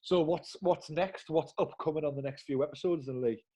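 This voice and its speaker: A man in his thirties with a northern English accent, co-hosting a podcast and telling an anecdote in a lively, chuckling way with local slang. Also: on the high side, normal speed. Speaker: podcast co-host. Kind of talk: casual storytelling chat.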